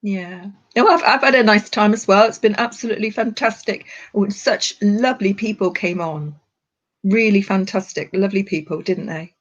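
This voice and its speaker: A woman's voice: medium pitch, moderate pace. An older woman working as a psychic medium on a live stream, talking with affection and calling people darling and sweetheart. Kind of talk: live-stream reading and chat. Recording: dull lo-fi live stream audio.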